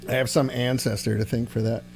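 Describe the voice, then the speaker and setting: A man's voice: mid-range voice, a little fast, vocal fry, a little hiss or hum. A man hosting a casual livestream, chatting loosely with viewers and using many filler words. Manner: relaxed, rambling, answers chat with filler words. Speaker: livestream host and amp builder. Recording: loud guitar amp playing behind. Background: electric guitar through amp.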